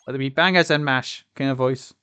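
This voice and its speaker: A man's voice: medium pitch, a little fast. Man, casual game stream, rambling, fillers, music in the background. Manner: rambling, chatty, swears, many fillers. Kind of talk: casual live-stream chat.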